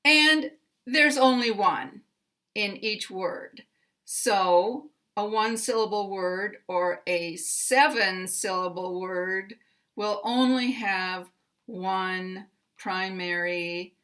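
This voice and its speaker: A middle-aged American woman teaching pronunciation, speaking deliberately and carefully enunciating, repeating each example word. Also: medium pitch, pushed and bright. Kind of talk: slow instructional explanation.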